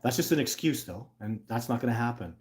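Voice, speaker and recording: A man's voice: medium pitch, quick pace. A middle-aged man hosting a casual livestream, talking earnestly and rambling, with lots of restarts and filler words. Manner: bursts into loud excited put-on exclamations. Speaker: host.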